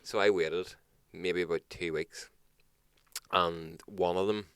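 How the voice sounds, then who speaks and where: Lower-voiced Northern Irish man, blunt and sweary. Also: fairly even intonation, slow pace, clear, resonant tone, no room sound, clean studio sound. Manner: blunt, swears constantly, incredulous rants. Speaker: podcast co-host. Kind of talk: casual chat, storytelling.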